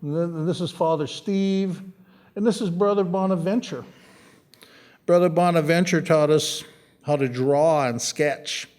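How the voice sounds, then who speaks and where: A man in middle age gives a casual museum talk about his own artwork, his voice sitting a little higher than most men's. He wanders from story to story, stumbles over his own words, and breaks in with small jokes. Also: measured pace, a little mellow. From United States. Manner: rambling, anecdotal, with self-corrections and a joking tone. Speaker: artist giving a talk about his photographs. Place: art museum.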